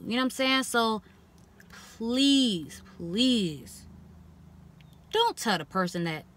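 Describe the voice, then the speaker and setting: A young woman in a casual talking-to-camera vlog, speaking frankly and bluntly and acting out the things people say to her in mocking voices. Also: medium pitch. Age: young adult. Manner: animated, expressive, quoting others in mocking voices. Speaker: vlogger.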